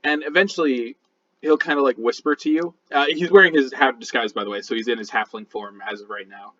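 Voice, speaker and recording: A man's voice: medium pitch, a little fast, a bit bright. Rambling man narrating as dungeon master. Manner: rambling with frequent fillers and restarts. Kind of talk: narrating a tabletop game. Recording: dull lo-fi sound.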